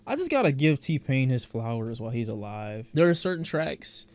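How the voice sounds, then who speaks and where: This man reviews a music album in a loose, chatty way, often repeating himself and bursting into song as the record plays behind him. His medium-pitched voice swings widely in pitch, moves at a normal speed, and sounds a little mellow.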